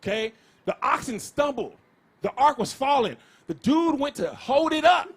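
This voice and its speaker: A man doing a stand-up comedy set, loud and animated, shouting his punchlines. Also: very high voice, normal speed. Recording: live venue with crowd. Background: audience laughter.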